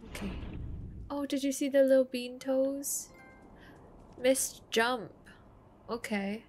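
A young woman hosting a let's play, excitable and gasping, cooing over the game's cat. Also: high-pitched, slow, pauses often, slight background noise. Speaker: gaming channel host. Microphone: desk condenser microphone.

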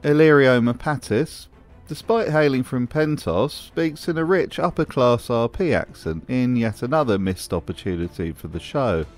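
A man's voice: mid-range voice, lively intonation, moderate pace, soft background music. A man hosting a scripted commentary video, with a wry, sarcastic manner. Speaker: host.

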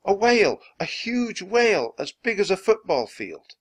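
A man voicing an eager, excited little girl in a storybook reading. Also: a little slow, husky, full character voice. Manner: high, excited.

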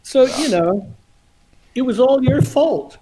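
Animated high-voiced man telling stories. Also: takes it slowly, a little hiss or hum, rough recording. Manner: animated, laughs often, acts out dialogue. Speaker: guitarist telling a story. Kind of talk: casual storytelling chat. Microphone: video call.

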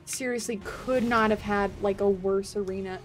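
A woman streaming a video game live, reacting with excitable, panicky commentary, laughing and swearing often. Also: mid-range voice, normal speed, faint music behind.

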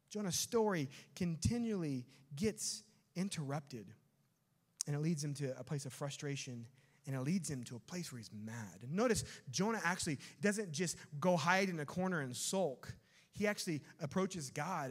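A male pastor preaching a sermon, animated and dropping to quiet emphasis on key words. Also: fairly high pitch. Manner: animated, acts out quotes, drops to quiet emphasis.

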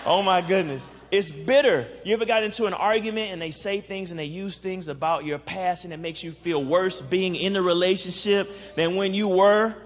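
A man's voice: high-pitched, moderate pace, few pauses. A man preaching a casual, joking sermon on dating to a congregation, asking them questions. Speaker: guest preacher. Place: church sanctuary. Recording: long hall reverb.

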